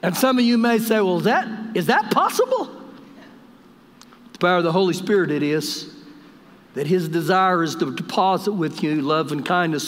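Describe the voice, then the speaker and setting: A pastor preaching a live Sunday sermon in a church, jovial and speaking straight to the congregation. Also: male voice, high-pitched, fairly bright tone. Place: church sanctuary during service. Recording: long church reverb.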